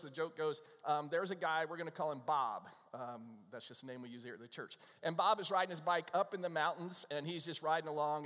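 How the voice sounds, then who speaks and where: Casual pastor preaching in a reverberant hall. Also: male voice, fairly high pitch, a bit bright. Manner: conversational, self-deprecating joke telling. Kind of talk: sermon.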